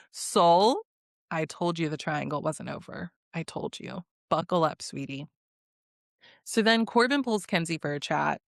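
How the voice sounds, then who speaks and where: A woman's voice: deep voice, dry recording, clean studio sound. A woman giving a casual reality TV recap in a blunt, sassy, profane way, often laughing.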